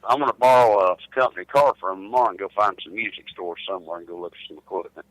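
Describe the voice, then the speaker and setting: A man's voice: low-pitched, fast, fairly bright tone, no room sound, rough recording. A middle-aged man, chatting casually by phone and restarting his words as he drawls along. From United States. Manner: drawling, repeats words when starting. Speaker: truck driver calling in. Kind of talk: casual chat.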